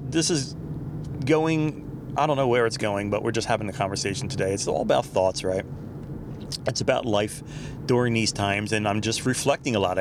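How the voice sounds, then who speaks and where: A middle-aged man hosting a podcast, rambling casually and laughing at himself while driving in traffic. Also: on the low side. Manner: chatty, wandering, laughs at himself. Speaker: podcast host. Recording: car road noise behind voice.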